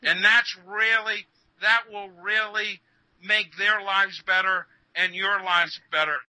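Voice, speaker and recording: A man's voice: sits high, steady tone, slow, bright, forceful tone, clean tone, no echo, low-quality recording. A male guest in a casual interview, talking earnestly and preachily, stammering and repeating words.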